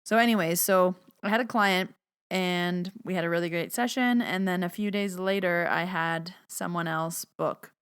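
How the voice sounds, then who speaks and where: A woman in her thirties hosts her own podcast, spinning personal stories in a loose, chatty way. Her voice sits a little low and comes across smooth and clear. She talks in an animated, conversational flow full of filler words. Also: moderate pace. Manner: chatty, animated retelling with lots of "like". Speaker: podcast host and medium. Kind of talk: casual storytelling monologue.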